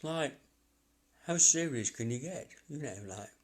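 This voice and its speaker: A man working as a psychic medium chats on a live stream, animated and a little high-pitched with a husky quality. He meanders and halts as he talks, chuckling to himself.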